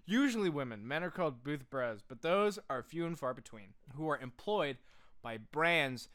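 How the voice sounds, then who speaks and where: A man's voice: fairly high pitch, lively intonation, moderate pace, fairly bright tone. A man co-hosting a comedy podcast, reading facts from notes and breaking into laughter. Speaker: podcast co-host.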